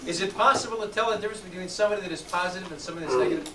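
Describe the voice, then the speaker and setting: A man's voice: high voice, racing, crowd noise. A middle-aged man leading a youth class, upbeat and encouraging as he calls on students. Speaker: youth program instructor. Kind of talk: classroom coaching. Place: large room with student tables. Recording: echoey room recorded from far, noisy.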